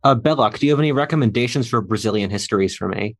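A man's voice: on the low side, racing. A man who is the guest on a live video call, talking casually and laughing at himself. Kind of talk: casual chat.

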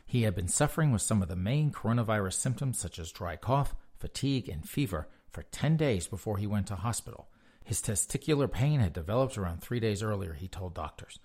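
A man's voice: lowish voice, animated, fairly quick, a little mellow, slightly rough. A man reading news articles aloud and mocking them with sarcastic asides. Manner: mocking asides between read-out passages.

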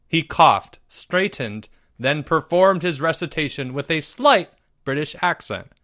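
Slow, bright-voiced male storyteller. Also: a little high, no room sound, studio quality. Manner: measured, expressive reading. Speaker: narrator. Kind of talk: storybook reading.

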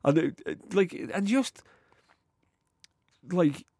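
A man's voice: high-pitched, expressive, slow pace, mellow, no room sound. A man with a Liverpool accent, a TV writer as podcast guest, telling a story in casual chat and rambling through lots of "like" and "you know".

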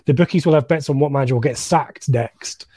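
A man's voice: medium pitch, a little fast, warm tone, slightly rough, no echo, studio quality. A man hosting a casual football chat show, joking and reading out listener comments. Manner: chatty, jokey, reads listener comments. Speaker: podcast host.

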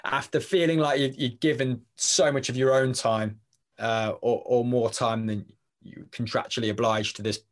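A young Englishman with a London or Leicester accent chats as a podcast guest in a casual interview. His voice sits at medium pitch with fairly even intonation and a moderate pace, and he rambles, interrupts himself, and jokes around.

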